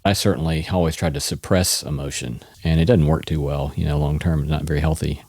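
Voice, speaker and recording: A man hosts an interview, musing reflectively and backing his guest with quiet yeahs. His voice is very low. The recording is dry and close. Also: steady tone, a little fast, slightly rough, dry recording. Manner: thoughtful, reflective, frequent yeahs. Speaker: podcast host. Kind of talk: conversational interview.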